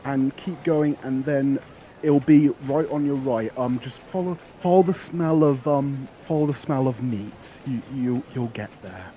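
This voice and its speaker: A man's voice: medium pitch, a little slow, mellow, slight background noise, voice pushed up, natural voice. A man voicing a cheerful young woman selling flowers, eager and a little flustered, stammering over her words. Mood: eager sweet.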